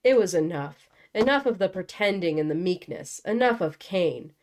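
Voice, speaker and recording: A woman's voice: fairly low pitch, expressive, normal speed, a little mellow. A young woman reading a novel aloud and breaking off for casual, joking commentary. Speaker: book channel host.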